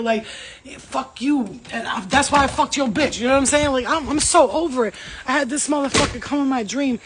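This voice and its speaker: A woman's voice: high voice, normal speed, a little hiss or hum. A woman on a casual livestream, talking bluntly with lots of swearing and street slang as a spiritual reader.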